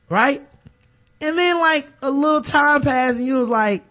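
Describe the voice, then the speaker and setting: A man's voice: very high-pitched, fairly quick. A man in casual chat about basketball, telling stories and acting out the quotes in them. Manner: animated storytelling, acts out quotes.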